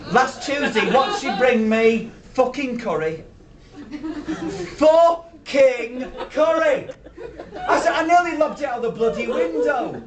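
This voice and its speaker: A man doing a shrill petulant Yorkshire geek. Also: lively intonation, slow pace, far from the mic, crowd noise, exaggerated voice. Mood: ranting. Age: 30s. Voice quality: high, shouty, stammering and indignant. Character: nerdy thirty-something male sci-fi fan, petulant. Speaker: comedy character performer. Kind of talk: live character stand-up. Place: small theatre stage with a live audience. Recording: roomy live venue from afar, audience.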